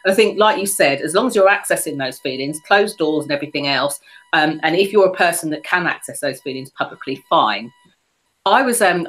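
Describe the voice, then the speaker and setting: A woman's voice: lowish voice, fairly bright tone, rough recording. A woman hosting a podcast interview, telling a personal story in a reflective, conversational way. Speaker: podcast host.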